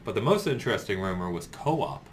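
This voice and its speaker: A man co-hosting a podcast, running through gaming news in a relaxed, chatty way and laughing often. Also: lowish voice, a little fast, slight background noise. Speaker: podcast co-host. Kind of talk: casual gaming news chat.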